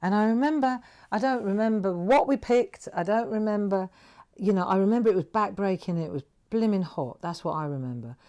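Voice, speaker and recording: A woman hosting a craft livestream, telling a rambling, animated story while she demonstrates. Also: medium pitch, fairly quick. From England. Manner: rambling, animated anecdotes with frequent "right?".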